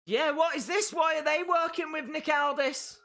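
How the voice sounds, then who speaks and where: Excitable man reacting to wrestling. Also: very high-pitched, moderate pace, gravelly. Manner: excitable, bursts into shouts. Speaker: live stream watch-along host. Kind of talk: live wrestling reaction commentary.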